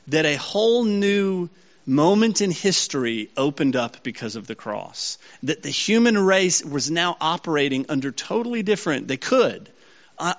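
A man's voice: fairly high pitch, a bit bright. A man preaching a sermon and teaching a congregation, who often checks that his listeners are following. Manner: checks in with the audience often, asking if they follow. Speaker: pastor. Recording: slightly dull lo-fi sound.

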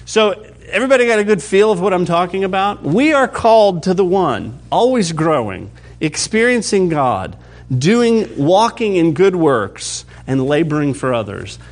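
Guy preaching a sermon, bit higher voice, keeps asking if it makes sense. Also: sing-song, moderate pace. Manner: conversational teaching, checks in with listeners; varies pace and loudness for emphasis. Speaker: pastor.

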